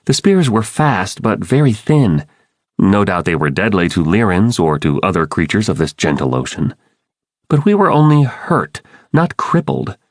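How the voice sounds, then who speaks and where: Expressive low-voiced male audiobook narrator. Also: normal speed, dry recording, studio quality. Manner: expressive, dramatic reading. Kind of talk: scripted narration.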